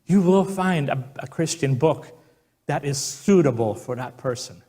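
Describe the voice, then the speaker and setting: A man's voice: on the high side, lively intonation, unhurried, mellow, breathy edge. A man preaching a sermon as pastor, telling stories and acting out the quotes. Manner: storytelling, acts out quotes.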